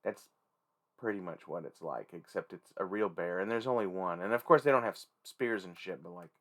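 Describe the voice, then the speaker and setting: A man hosting a casual toy-collecting vlog, rambling and swearing freely with excitable energy. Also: low-pitched, fairly quick. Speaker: toy collector and channel host.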